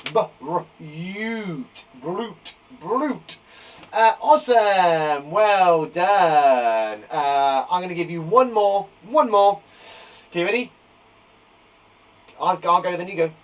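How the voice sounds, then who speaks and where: A man gives a live phonics lesson to young children from a garden shed classroom, stretching out each sound slowly and praising often. His voice rises and falls a lot and sits fairly high for a man. He is sometimes a little off the mic. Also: lively intonation, far from the mic, poor audio. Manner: upbeat, encouraging, slow deliberate sounding-out of words. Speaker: primary school teacher.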